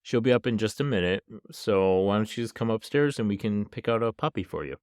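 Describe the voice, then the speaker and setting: A man's voice: on the low side, lively intonation, brisk, dry recording, clean studio sound, voice pushed up, natural voice. A man voicing a middle-aged man who coaxes in a falsely friendly way. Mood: coaxing.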